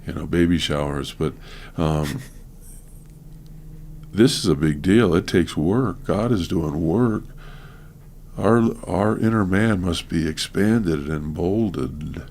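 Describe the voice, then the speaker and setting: A man speaking as a guest minister in an interview, earnest and halting, with many fillers. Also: deep voice, a little mellow, a little hiss or hum. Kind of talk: conversational interview.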